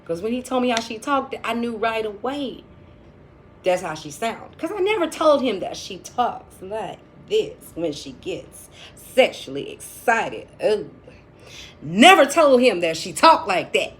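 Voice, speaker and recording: A woman's voice: a little high, big pitch swings, normal speed, a little hiss or hum. A woman telling a personal story in a casual vlog, blunt and chatty, full of profanity and dramatic asides.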